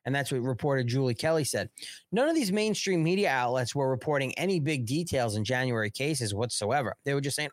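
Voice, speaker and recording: A man's voice: medium pitch, animated, fairly quick, no room sound, clean studio sound. A man hosting a political live show, ranting in a heated, sarcastic and profane way. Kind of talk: political commentary livestream.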